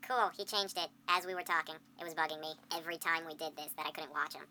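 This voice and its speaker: Very bright-voiced wry woman. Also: deep voice, fairly even intonation, slight background noise. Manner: wry, blunt, quick to call things dumb. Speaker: podcast co-host. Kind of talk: casual chat.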